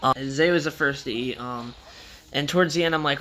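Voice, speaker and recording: Bright-voiced young man telling a rambling story. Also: on the high side, fairly quick, faint music behind. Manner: rambling, swears often, loose slangy talk. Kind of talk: casual storytelling vlog.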